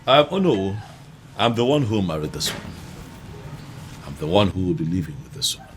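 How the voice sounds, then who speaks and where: A man's voice: low voice, big pitch swings, a little fast, a little hiss or hum. An actor with a Nigerian English accent playing a confident, newly married man. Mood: defiant. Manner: confident, boastful. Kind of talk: film acting. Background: music.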